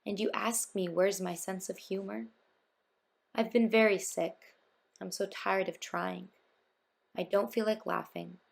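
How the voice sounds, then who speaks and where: A woman voicing a sick, tired little girl in bed, speaking slowly and quietly in a storybook reading. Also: medium pitch, fairly even intonation, creaky. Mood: weary. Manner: slow, quiet and weary.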